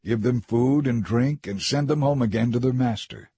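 A man reading the lines of a calm, commanding old prophet in a scripture story. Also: mid-range voice, normal speed, breathy edge, dry recording.

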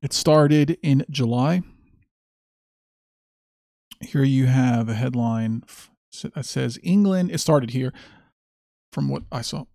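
A man's voice: medium pitch, takes it slowly, creaky, pauses often, mellow, no room sound, clean studio sound. A man hosting a podcast monologue, talking in a sardonic, mocking way. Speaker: podcast host. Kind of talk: monologue commentary.

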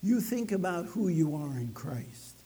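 Lively high-voiced preacher in a reverberant hall. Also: male voice, unhurried, breathy edge. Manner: storytelling, animated, dramatic shifts to soft. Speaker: pastor. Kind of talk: sermon.

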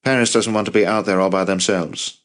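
A man's voice: lowish voice, fairly even intonation, a little fast, lightly acted. A man voicing a dry, matter-of-fact diplomat in an audiobook.

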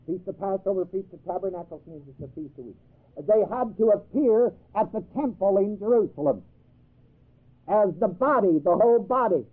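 A man's voice: sits high, animated, moderate pace, slightly rough. Emphatic man teaching, tinny old tape. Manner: emphatic, quizzes listeners with questions. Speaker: Bible teacher. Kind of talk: sermon teaching to a class.

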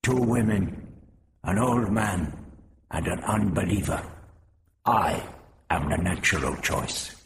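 A man's voice: deep voice, slow, gravelly, long pauses, distant mic, heavily acted. A man voicing a proud, self-assured winged male creature with a pompous manner.

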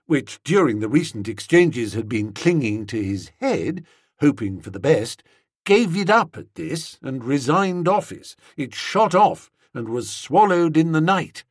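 A man reads a comic first-person story in a wordy, mock-pompous, playful manner. His husky voice leaps widely in pitch. The sound is close and dry. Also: no room sound. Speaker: audiobook narrator.

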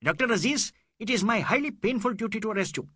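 A man voicing a shrill, nervous male police inspector who speaks in a fussy, wailing way. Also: animated, fast talker, a bit bright, slightly rough, no echo, studio quality, heavily acted. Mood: anxious. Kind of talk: audiobook character voice.

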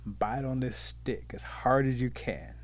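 A man voicing a calm flock of geese giving a turtle instructions, in a told folk tale. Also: medium pitch, measured pace, close to an everyday voice.

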